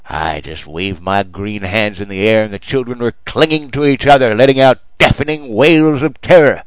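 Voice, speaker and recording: A man's voice: fairly low pitch, moderate pace, no room sound, poor audio. A man preaching a mock sermon in a storytelling manner.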